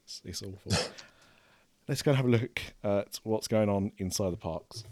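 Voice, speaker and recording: A man hosting a casual group chat, laid-back and trailing off quietly at the ends of his lines. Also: lowish voice, unhurried. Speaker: podcast host.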